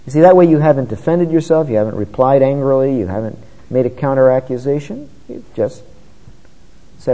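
A man's voice: medium pitch, big pitch swings, moderate pace, warm tone. Earnest male preacher, reverberant sound. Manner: earnest, conversational preaching with rising emphasis. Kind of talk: sermon.

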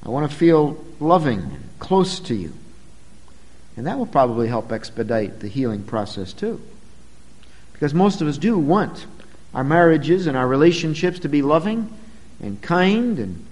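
Male pastor, slightly high voice, emphatic sermon delivery, echoing church sanctuary. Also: big pitch swings, normal speed, darkish tone. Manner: earnest, emphatic, addresses the congregation directly.

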